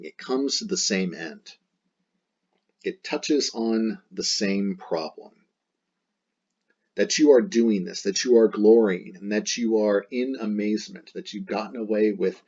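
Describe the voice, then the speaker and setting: A man's voice: fairly low pitch, darkish tone, breathy edge, dull audio. A man teaching a Latin text in a chatty, playful way, repeating and rephrasing as he explains.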